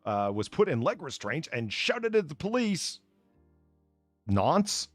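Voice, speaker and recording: Lively-voiced man reading news with a laugh. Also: fairly high pitch, moderate pace, no room sound, soft background music. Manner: laughing often, stumbling and restarting words. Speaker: podcast host reading news stories. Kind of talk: casual chat.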